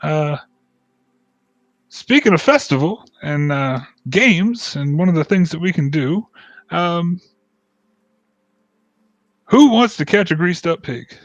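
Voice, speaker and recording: A man's voice: a little high, expressive, slow pace, long pauses, no echo, dull audio, pitched above the performer's own voice. A man voicing a jolly, short, stout, finely dressed male dwarf in a tabletop game, talking cheerily and eagerly.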